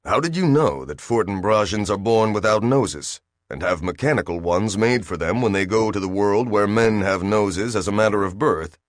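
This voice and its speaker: A man reading aloud, voicing a sour, nasal male alien science officer in a lowered, dry voice. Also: lively intonation, moderate pace, hardly any pauses, no room sound, close to an everyday voice.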